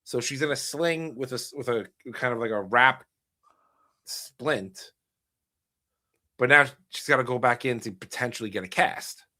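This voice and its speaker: A man's voice: medium pitch, moderate pace, pauses often, bright, forceful tone, no echo. A middle-aged man hosting a podcast, telling a family story in a wry, casual way with dry humor. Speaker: podcast host.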